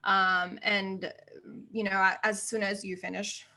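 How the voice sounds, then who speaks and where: Woman guest in her thirties, lively storyteller who acts out quotes, mid-pitched casual voice. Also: unhurried. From United States. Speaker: podcast guest. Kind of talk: casual interview chat.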